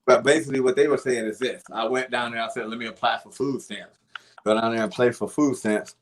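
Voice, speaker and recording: A young adult man telling his own story in casual podcast talk, animated and profane. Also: medium pitch, brisk, a little hiss or hum.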